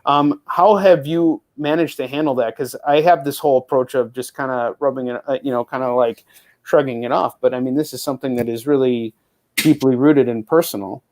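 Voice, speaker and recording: A man's voice: mid-range voice, steady tone, fairly quick, darkish tone. Male host, casual and candid, loose rambling delivery. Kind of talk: casual chat.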